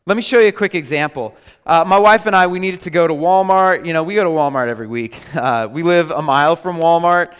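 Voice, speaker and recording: A man preaching a sermon as a pastor, animated and joking with his congregation. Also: fairly high pitch, quick pace, clear, resonant tone. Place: large church hall. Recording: hall reverb.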